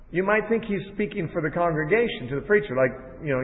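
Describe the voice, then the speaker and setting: A man teaching from the Bible in a measured, explanatory sermon style. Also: high-pitched, expressive. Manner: measured, explanatory, with quoted lines read aloud. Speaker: preacher. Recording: tinny phone-like audio in a large hall.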